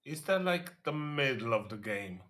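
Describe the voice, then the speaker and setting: A man co-hosting a casual stream chat, with a nasal voice and halting speech full of restarts. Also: very animated, a bit bright. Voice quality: nasal, low voice.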